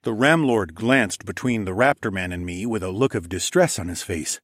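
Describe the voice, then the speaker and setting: Low-voiced male audiobook narrator. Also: moderate pace, a bit bright, no room sound, studio quality. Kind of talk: scripted first-person narration.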